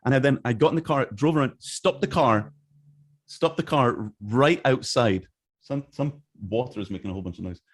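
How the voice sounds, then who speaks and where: Animated man telling stories. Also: medium pitch, moderate pace. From Scotland. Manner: animated, acts out quoted voices. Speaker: interview guest. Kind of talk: casual storytelling.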